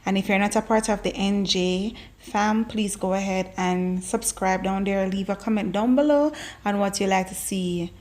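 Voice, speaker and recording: A woman's voice: medium pitch, moderate pace, a little mellow. A woman from Jamaica with a Jamaican accent, teaching Patois words in a casual, playful vlog. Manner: playful, laughs often while teaching.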